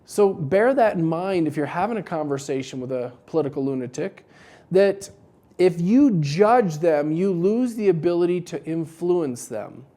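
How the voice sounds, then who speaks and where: A man's voice: fairly high pitch, normal speed. Wry man giving joking business advice. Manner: wry, joking, animated storytelling. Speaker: business coach for dental practices. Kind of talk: casual advice talk to camera.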